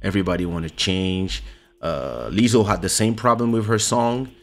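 Low-voiced man hosting a ranting chat. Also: normal speed, faint music behind. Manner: animated, ranting. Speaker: host. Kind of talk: casual livestream chat. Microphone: studio microphone.

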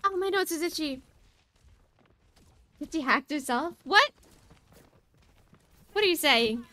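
Woman, gaming streamer, playful, giggly, slow-paced, bright tone. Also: high-pitched, expressive, no room sound. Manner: playful, giggly, teasing with voice chat. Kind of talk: casual gaming stream chat.

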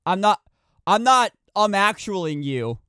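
A man's voice: high voice, very animated, a little slow, fairly bright tone, smooth, no echo, clean studio sound. A man giving casual commentary while streaming a video game, rambling and often restarting his sentences. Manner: rambling, self-correcting with many restarts.

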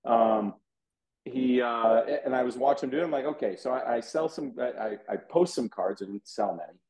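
A man's voice: mid-range voice, normal speed, roomy sound, a loud crowd, low-quality recording. A man from Houston, a guest on an interview show telling a casual story and acting out the dialogue in it, heard over a video call. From Houston, USA. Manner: animated, acts out quoted dialogue. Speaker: interview guest, card collector.

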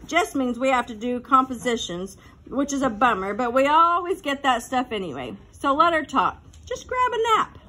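A woman's voice: high voice, sing-song, moderate pace, pushed and bright, exaggerated voice. A woman voicing a laid-back, knowing fifth-grade boy who talks in breezy, conspiratorial asides, in a storybook reading.

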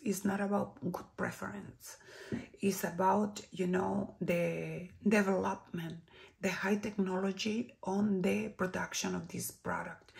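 A woman from Chile with a Chilean Spanish accent, reviewing beauty products in an unhurried way and dropping to soft whispers when she admires something. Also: medium pitch, creaky. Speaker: beauty vlogger.

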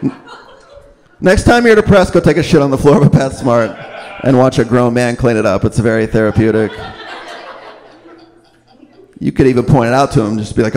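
Male stand-up, gravelly, deadpan storyteller, live club set on a stage mic. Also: mid-range voice, normal speed, pauses often. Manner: deadpan storytelling, swears, acts out other voices. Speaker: stand-up comedian. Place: comedy club stage before a live audience.

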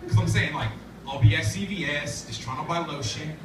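A man with a voice on the high side talks fairly quickly through an open-mic stand-up set, loose, profane and stuffed with fillers. He's at a laundromat café venue. Audience laughter and room chatter can be heard, and the live recording sounds noisy, distant and roomy.

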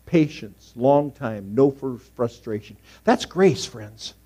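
Storytelling pastor with dramatic hushed asides. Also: male voice, medium pitch, animated, takes it slowly. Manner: storytelling, swings from loud emphasis to hushed asides. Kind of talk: sermon. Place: church sanctuary.

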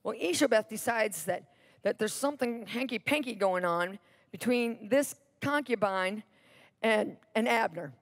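Woman preacher with a fairly high voice who drives home a sermon story through repetition. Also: a little slow. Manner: animated Bible storytelling with repetition.

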